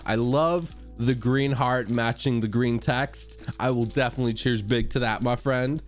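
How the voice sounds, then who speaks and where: A man's voice: unhurried, soft background music. A man streaming live and chatting casually with his viewers, upbeat and greeting them by name, with his voice cracking today. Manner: upbeat, greets viewers by name with excited high-pitched jumps.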